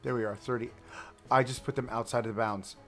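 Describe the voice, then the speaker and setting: A man streams a park-building game and talks his way through every click. He thinks aloud, jumps from excited outbursts to quiet mutters, and his voice sits at an ordinary middle pitch. Faint music plays underneath. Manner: chatty, thinks aloud, quick swings between excitement and mutters. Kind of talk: casual live-stream commentary while building.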